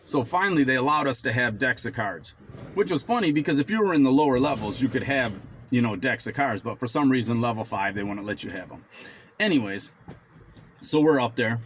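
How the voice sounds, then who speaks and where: A man in his forties telling a story casually to the camera, rambling and swearing freely, getting animated when he quotes himself. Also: mid-range voice, brisk, a little hiss or hum. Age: 40s. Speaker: finance vlogger.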